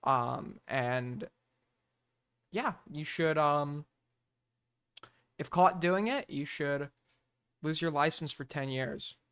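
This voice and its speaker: A man's voice: fairly high pitch, slow, pauses often, a bit bright. A man streaming, reacting to a video with blunt, profane, exasperated commentary.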